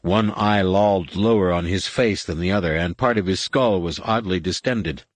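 A man narrating an audiobook in a measured, dramatic storytelling manner. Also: low voice, no echo. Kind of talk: scripted narration.

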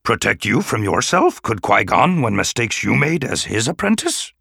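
A man voicing an ancient, small alien sage who is stern yet dryly gentle, speaking in inverted word order with thoughtful hums. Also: medium pitch, very animated, moderate pace, creaky, slightly rough, dry recording, studio quality, full character voice. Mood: gently reproving.

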